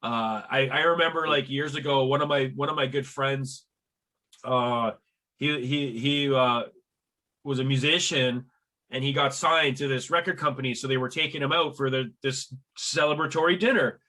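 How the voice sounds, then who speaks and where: A man hosting a podcast, chatting casually and telling stories in an animated way, with repeated stammered starts. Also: moderate pace. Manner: animated storyteller who mimics friends in high voices. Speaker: podcast host. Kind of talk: casual chat.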